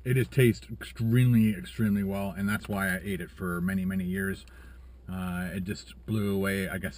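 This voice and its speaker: A middle-aged man reviewing sandwiches in his car, chatting casually while chewing and talking with his mouth full. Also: lowish voice. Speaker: food reviewer. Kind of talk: casual food review vlog.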